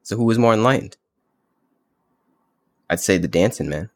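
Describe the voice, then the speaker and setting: Laid-back male guest, low-pitched, relaxed spiritual chat, gropes for words. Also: moderate pace. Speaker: podcast guest. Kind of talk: casual spiritual conversation.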